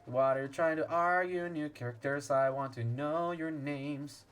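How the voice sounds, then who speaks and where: A man's voice: on the high side, unhurried, fairly bright tone, clear, resonant tone. Playful man streaming a game. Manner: playful, rambling, hums sound effects. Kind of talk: casual game stream commentary.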